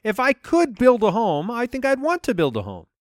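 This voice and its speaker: A man's voice: very high-pitched, wildly swooping pitch, moderate pace, no echo, clean studio sound. A man hosting a casual chat show, steering the talk and reading out listener questions. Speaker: podcast host.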